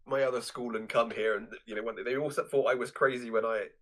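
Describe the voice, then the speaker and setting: A man's voice: mid-range voice, fairly even intonation, fast talker, fairly bright tone. A man co-hosting a film podcast, chatting casually and often laughing as he talks over scenes. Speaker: podcast co-host. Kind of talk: casual film review chat.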